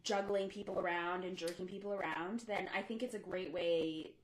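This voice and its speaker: A young woman co-hosting a podcast in casual chat, talkative and quick to laugh. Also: fairly low pitch, steady tone, slight background noise, low-quality recording. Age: young adult. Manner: chatty, laughs often. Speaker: podcast co-host.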